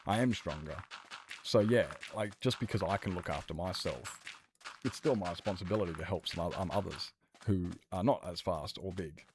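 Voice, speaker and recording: Aussie streamer, fairly deep voice, loose profane storyteller, light key clicks in background. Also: male voice, moderate pace, a little hiss or hum. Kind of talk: casual chat while gaming.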